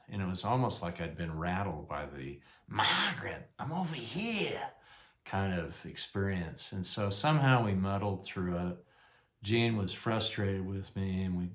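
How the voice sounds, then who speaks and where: An older man casually telling a rambling, self-deprecating personal story, full of fillers. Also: deep voice. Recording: echoey room.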